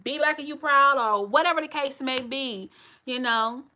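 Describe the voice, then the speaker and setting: A woman's voice: high-pitched, moderate pace, bright, forceful tone. A woman in her forties hosting a live stream, talking bluntly and straight to her viewers. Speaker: channel host.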